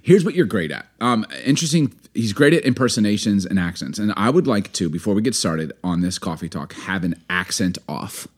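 A man in his thirties chatting casually as co-host. His pitch moves a lot as he jokes, laughs and puts on silly accents. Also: animated, a little fast, few pauses, slightly rough. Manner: playful, laughing, doing goofy accents. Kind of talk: casual chat.

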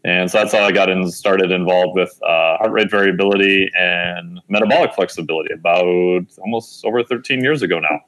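A man's voice: fairly quick, few pauses, low-quality recording. A man in his forties telling a long personal story as an interview guest, talking conversationally with plenty of fillers and acting out the lines of people he quotes. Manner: animated storyteller who acts out quoted dialogue with lively pitch jumps; conversational, with frequent fillers and self-corrections.

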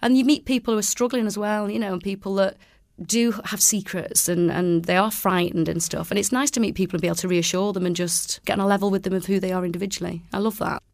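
A woman's voice: mid-range voice, fairly even intonation, quick pace, creaky, hardly any pauses, no echo, studio quality. A Mancunian woman in her forties, a children's entertainer, chatting in an interview, laughing often and acting out the voices of people she quotes. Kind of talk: casual interview chat.

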